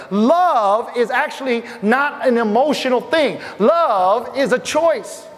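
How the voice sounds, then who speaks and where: Man from Asia, middle-aged, pastor, chatty sermon, high voice, echoing hall. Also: lively intonation, unhurried, few pauses. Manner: conversational preaching, addresses congregation directly. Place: church hall. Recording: long hall reverb.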